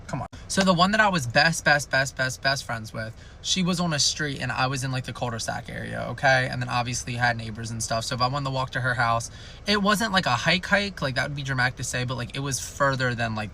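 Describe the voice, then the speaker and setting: Young man, bright gravelly voice, chatty rambling storytime, faint background hiss. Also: mid-range voice. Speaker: storytime youtuber. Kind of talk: casual storytime.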